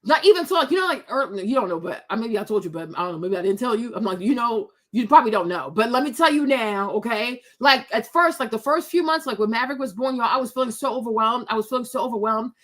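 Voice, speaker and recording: A middle-aged woman telling a story to her viewers in casual chat, animated and sassy, laughing often and acting out quotes. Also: on the high side, fast talker, hardly any pauses. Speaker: vlogger.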